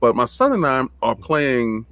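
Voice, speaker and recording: A man's voice: mid-range voice, measured pace, no echo. A male podcast host with a mid-range voice, chatting casually. He tells stories with energy and slips into little acted-out lines of dialogue as he goes. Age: adult with a nine-year-old son. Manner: animated storyteller who acts out dialogue.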